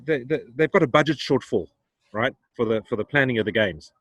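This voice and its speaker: A man's voice: medium pitch, lively intonation, fairly quick, a bit bright, dry recording. A man co-hosting a podcast from the roadside, telling stories eagerly with many stammering restarts. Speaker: podcast co-host. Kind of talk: casual chat. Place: roadside, in Australia.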